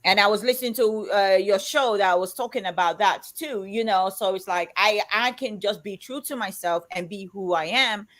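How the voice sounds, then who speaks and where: A woman in her fifties who talks loudly and emphatically, as if shouting, chatting on a live show. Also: mid-range voice, normal speed, hardly any pauses. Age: 50s. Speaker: co-host of a live chat show. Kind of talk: casual chat.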